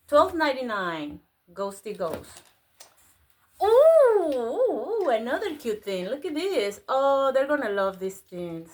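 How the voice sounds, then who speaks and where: A woman whose first language is Spanish, excitedly chatting through a casual unboxing and gasping over each find. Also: a little high. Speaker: vlogger unboxing a craft store grab box.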